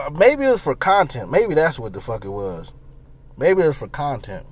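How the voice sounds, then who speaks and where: A man ranting in casual commentary, animated and profane, firing off rhetorical questions. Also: fairly high pitch, moderate pace. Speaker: commentary vlogger.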